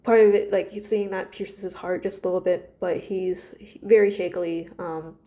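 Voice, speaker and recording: A woman casually rambling about her characters, hesitant and soft-spoken, with many fillers and restarts. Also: on the low side, steady tone, normal speed, few pauses. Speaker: creator discussing her characters.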